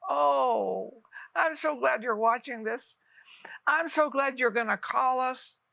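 A woman's voice: high-pitched, slow, creaky, fairly bright tone, dry recording. A woman in her eighties preaching on television, fervent and coaxing, talking straight to viewers. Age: 80s. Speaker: television minister. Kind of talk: televised sermon and prayer.

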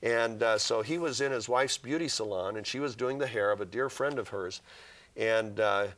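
A man's voice: on the low side, normal speed, fairly bright tone. A man, a guest author on a Christian interview program, telling a story in an earnest way and reading scripture passages aloud with feeling.

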